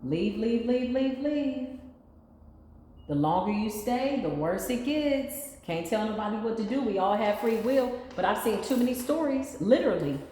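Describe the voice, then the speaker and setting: A woman's voice: medium pitch, lively intonation, normal speed, few pauses, warm tone. Blunt, slangy woman in an echoey room. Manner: emphatic, rambling, slangy and blunt. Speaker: intuitive spiritual reader. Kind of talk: casual spiritual reading monologue. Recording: echoey room with long reverb and faint noise.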